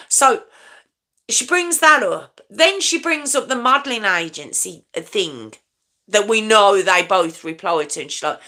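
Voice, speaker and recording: A woman's voice: medium pitch, lively intonation, unhurried, gravelly, sharp tone. A woman hosting a true crime channel, telling the story in a chatty, frank way with lots of fillers.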